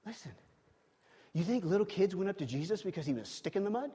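A man preaching a sermon in a church, emphatic, swinging from loud exclamations to quiet, confiding asides. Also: high-pitched, expressive, fast, breathy edge. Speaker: pastor. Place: church sanctuary. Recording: long reverb of a large hall.

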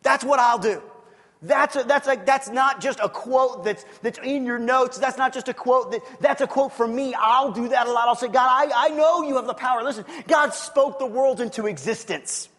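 A man's voice: very high-pitched, moderate pace. A man preaching a sermon as pastor, earnest and repetitive, often restarting his words. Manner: earnest, repetitive, stumbles and restarts, bursts to shouting. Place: church hall. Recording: long reverb of a large hall.

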